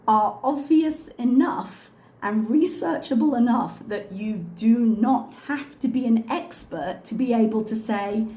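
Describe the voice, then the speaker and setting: A woman hosting a reaction video, talking calmly with pointed, sarcastic remarks. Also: on the high side, measured pace, few pauses, roomy sound. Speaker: reaction channel host. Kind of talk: soft-spoken reaction commentary.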